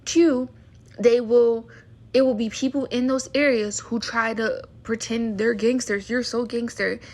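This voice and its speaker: Young woman vlogger on a heated rant, high husky voice with fry, indignant. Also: fairly even intonation, a little slow, a little mellow. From Baltimore area, USA. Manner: heated, indignant, ranting with many fillers and restarts. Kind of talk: casual rant to camera.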